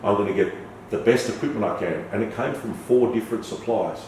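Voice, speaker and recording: Low-voiced man telling stories. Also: fairly quick. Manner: animated storyteller who swears and acts out dialogue. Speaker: podcast guest. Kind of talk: casual storytelling interview. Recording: echoey room, from far off, faint noise.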